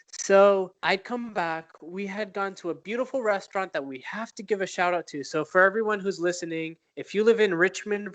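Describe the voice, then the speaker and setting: A man's voice: a little high, a bit bright. A young man co-hosting a podcast, telling stories in an upbeat, rambling way with many fillers. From Palestine. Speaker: podcast co-host. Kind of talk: casual chat.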